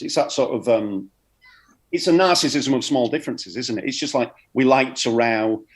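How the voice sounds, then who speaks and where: A man's voice: mid-range voice, moderate pace. A man chatting casually as a comedian guest, rambling and repeating words, often laughing. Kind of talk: casual chat.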